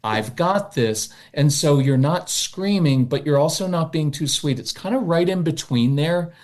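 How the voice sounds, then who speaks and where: A man as a podcast guest, coaching parents in a matter-of-fact, animated way and slipping into quick voices of parents. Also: a little high. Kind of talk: podcast interview.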